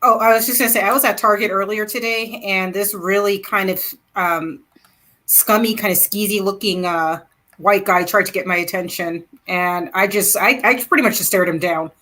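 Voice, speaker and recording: A woman guest in a casual group chat, dismissive and quick to laugh. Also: medium pitch, bright, forceful tone.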